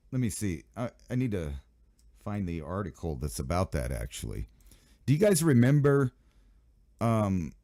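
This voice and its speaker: A man's voice: fairly low pitch, a little mellow, no echo, clean studio sound. A male radio host giving a rambling, sarcastic talk radio monologue.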